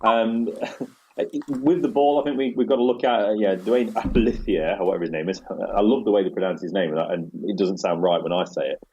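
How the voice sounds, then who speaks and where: A man hosting a casual cricket podcast, chatty and quick to laugh as he rolls through match scores. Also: fairly low pitch, warm tone, dull audio, a little hiss or hum. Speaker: podcast host.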